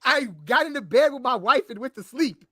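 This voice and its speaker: Defensive high-voiced podcast co-host man. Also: animated, brisk, sharp tone, dry recording, studio quality. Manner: defensive, keeps trying to get a word in. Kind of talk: heated casual banter.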